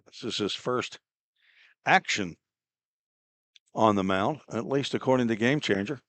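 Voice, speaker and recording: A man doing relaxed, chatty play-by-play commentary on a baseball game, with easygoing asides between pitches. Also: measured pace, no echo. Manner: relaxed, chatty, laughs at own slips. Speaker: play-by-play announcer.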